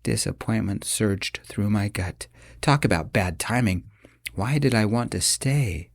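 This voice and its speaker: Low-voiced male audiobook narrator. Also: creaky, dry recording, clean studio sound. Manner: measured, steady storytelling.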